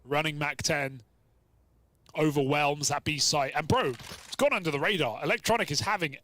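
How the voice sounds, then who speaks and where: A man casting a live esports match, quick and chatty, bantering with his co-commentator. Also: fairly high pitch, sharp tone. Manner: quick, chatty, jokes with co-caster.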